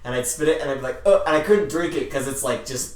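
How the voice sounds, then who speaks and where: A man's voice: medium pitch, fast talker, slight background noise. A man chatting on a podcast, rambling through stories and acting out his younger self. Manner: rambling storyteller, acts out his past self. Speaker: podcast co-host. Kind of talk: casual chat. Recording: echoey room, distant mic.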